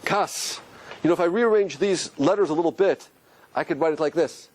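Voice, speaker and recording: A man's voice: on the high side, fast talker. A man giving a lecture on Hebrew letters, asking his listeners question after question. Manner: questioning, rhetorical, animated. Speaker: Torah teacher.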